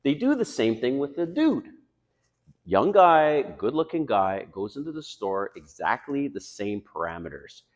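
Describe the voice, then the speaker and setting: A middle-aged man giving dating advice in a casual monologue, blunt and confessional, swinging between loud emphatic stretches and quiet asides. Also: medium pitch, very animated, unhurried, in a large hall.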